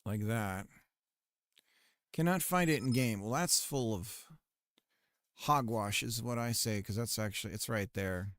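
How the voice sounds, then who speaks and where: A male streamer rambles casually, muttering to himself between thoughts as he works on a game. His voice is smooth and clear, recorded close and dry with no room sound. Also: fairly low pitch, unhurried, pauses often, a bit bright, no room sound. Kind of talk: casual chat while working on a game.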